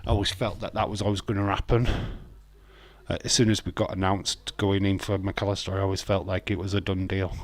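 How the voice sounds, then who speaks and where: A man's voice: low voice, flat delivery, brisk. A man hosting a casual live stream, chatting loosely, laughing often and answering viewers' comments. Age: adult with children.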